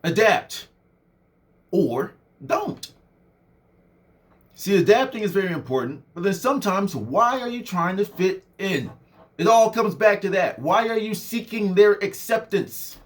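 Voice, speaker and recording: A young man talking straight to his listeners in a loose, chatty motivational style. His voice sits high and bounces through a wide range, and he drops it low and lifts it again to make a point. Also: unhurried. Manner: animated, swings voice up and down for effect; conversational with many fillers. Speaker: motivational speaker. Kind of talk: casual motivational monologue.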